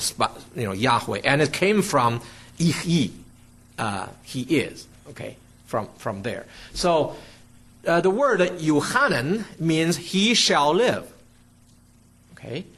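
Guy preaching a bible lesson, husky voice, pitch bouncing all over, keeps asking okay? right?. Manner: teaching style, asks "okay?" and "right?" often; restarts and fillers, lively explaining. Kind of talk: sermon.

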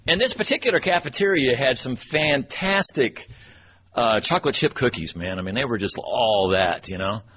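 A man's voice: medium pitch, animated, normal speed, sharp tone. A man from Texas giving a folksy, self-deprecating storytelling talk at church, chuckling as he goes. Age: 40s. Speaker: church speaker and webmaster. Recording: dull lo-fi recording with faint noise.

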